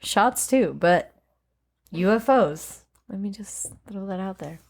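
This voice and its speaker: A young woman hosts her podcast in a middle-pitched voice. She talks playfully, teasing her co-hosts with sarcasm. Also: animated, slow pace. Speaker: podcast host. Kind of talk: casual chat.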